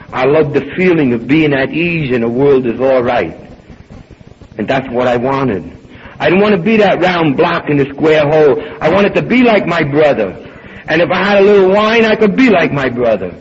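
An older man at a recovery meeting, telling his own story in an animated way and acting out the dialogue. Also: medium pitch. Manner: animated storyteller, acts out dialogue, swings between loud and hushed. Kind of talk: personal storytelling talk. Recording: dull lo-fi recording with faint hiss.

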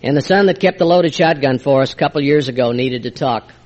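An older man sharing a heartfelt personal testimony at a recovery meeting, moving between hushed and emphatic delivery. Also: mid-range voice, brisk, dull audio. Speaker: speaker sharing his recovery story.

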